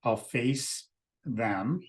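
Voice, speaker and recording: A man leading a ritual, explaining it step by step in a steady, methodical way. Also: mid-range voice, drawn-out words. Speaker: ritual leader.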